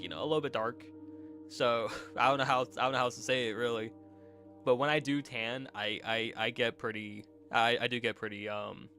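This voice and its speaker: Young male streamer, bright forceful voice, slightly congested, rambling with laughs; faint music underneath. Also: mid-range voice. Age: young adult. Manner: rambling, laughing, many restarts. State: slightly stuffy nose. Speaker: vtuber streamer. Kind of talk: casual chat with stream chat.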